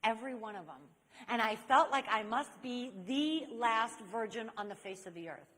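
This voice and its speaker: An older woman with a fairly high voice tells a personal story to a convention crowd. She acts out each person in it with lively storytelling. Her voice rings out with a long echo across a big hall. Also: moderate pace. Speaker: speaker at a church youth convention. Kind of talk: personal testimony talk to young people.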